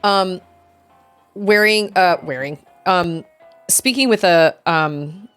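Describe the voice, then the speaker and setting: A woman's voice: lowish voice, takes it slowly, a bit bright, smooth, soft background music. Chatty streamer woman, hard R's. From Utah. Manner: rambling and chatty, laughing often; enunciates carefully with hard R's. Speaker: game streamer. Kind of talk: casual chat while playing a game.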